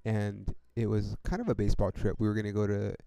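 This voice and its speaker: Young dude with a low gravelly voice, dry close sound, rambling story, swears a lot. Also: male voice, little pitch movement, fast, mellow, dry recording. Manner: profane, laid-back, full of fillers like "dude" and "like". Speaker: podcast host.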